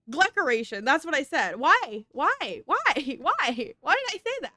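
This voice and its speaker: A woman's voice: sits high, big pitch swings, a little slow, hardly any pauses, bright, forceful tone, no room sound, clean studio sound, soft background music. A woman streaming a video game in a casual chat, talking to herself and laughing at her own slips.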